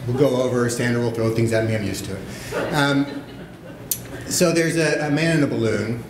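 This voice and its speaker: Joking male conference speaker, echoey room. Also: mid-range voice. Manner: joking, self-deprecating, conversational. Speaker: conference panelist, evaluator. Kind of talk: conference talk with jokes. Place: large conference room with audience. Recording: echoey room, background noise. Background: audience laughter.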